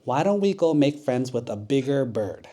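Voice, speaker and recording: A man voicing a sensible female bird who thinks before acting, speaking in a calm, thoughtful way. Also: medium pitch, moderate pace, close to an everyday voice. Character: wise careful female bird.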